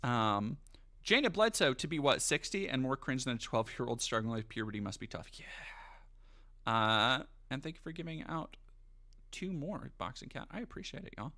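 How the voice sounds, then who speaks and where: Animated, bright-voiced male streamer. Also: mid-range voice, normal speed. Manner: animated, profane, jokey riffing; reads text aloud with mock drama. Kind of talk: casual livestream commentary.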